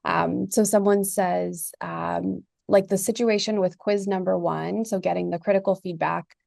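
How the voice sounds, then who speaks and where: A woman's voice: lowish voice, steady tone, measured pace, vocal fry, a little mellow, no room sound, studio quality. A woman moderator reading out audience questions from a chat, with many hesitant "um"s. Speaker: event moderator.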